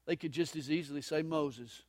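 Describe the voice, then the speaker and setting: A man preaching a sermon at a live church service, dramatic, moving between loud emphasis and soft, hushed lines. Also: on the high side, normal speed. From United States. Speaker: pastor.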